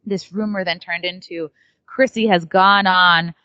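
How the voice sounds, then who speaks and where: A woman comedian from New York chats freely as a podcast guest, her speech full of filler words. Her voice sits a little low, and the recording is dry and dull. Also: steady tone, unhurried, sharp tone, smooth, dry recording. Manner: chatty, many fillers. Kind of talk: casual storytelling in an interview.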